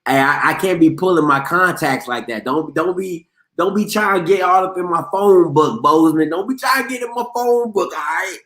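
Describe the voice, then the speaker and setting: A man's voice: sits high, moderate pace, fairly bright tone, reverberant. A man hosting a live sports talk show, talking in an emphatic, slangy way and repeating himself for effect. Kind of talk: casual sports commentary.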